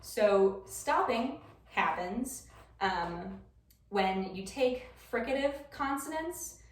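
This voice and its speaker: A woman's voice: mid-range voice, lively intonation, takes it slowly, a little hiss or hum. A young woman with a Wisconsin accent giving a casual class presentation, chatty and informal with frequent ums. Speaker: student presenter. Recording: roomy classroom from far off.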